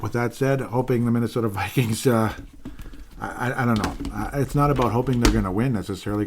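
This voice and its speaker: A man's voice: fairly low pitch, a little mellow. A man hosting a casual solo sports podcast, rambling along with frequent fillers and restarts. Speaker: podcast host.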